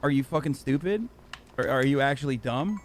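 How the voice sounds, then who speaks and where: A man's voice: medium pitch, animated, a little fast, a little hiss or hum. A man hosting a livestream, ranting in heated, profane, sarcastic reaction commentary. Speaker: livestream host.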